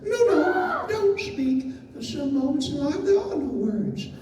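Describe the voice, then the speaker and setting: A man's voice: extremely high pitch, big pitch swings, measured pace, exaggerated voice. A man playing an eccentric, flamboyant male candy-factory owner in a live comedic script reading, theatrical and mock-tender. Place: convention hall stage. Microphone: phone in the audience. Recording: echoey hall, phone from far off, crowd noise.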